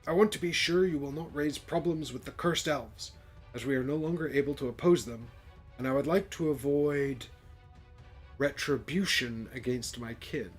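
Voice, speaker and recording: A man puts on a regal male dwarf mayor who speaks in stiff, formal phrases, higher than a plain voice and pushed out loud. He sounds busy and guarded, a storybook village ruler played by a board game streamer. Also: moderate pace, husky, soft background music, lightly acted. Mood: wary, stately. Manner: formal, stately speech.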